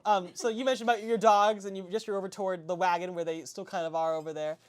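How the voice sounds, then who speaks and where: A man's voice: high-pitched, little pitch movement, fast talker, a crowd in the background. A man narrating as game master of a tabletop game, casual and full of fillers.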